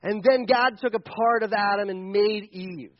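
A man preaching a lively, joking sermon as pastor to a congregation, with frequent restarts. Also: high voice, normal speed, no echo, highs cut off.

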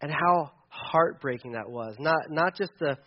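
A man's voice: a little high, measured pace, highs cut off. A middle-aged man preaching, telling a personal story candidly with a self-deprecating touch and many fillers and restarts. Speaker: pastor. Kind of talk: sermon storytelling.

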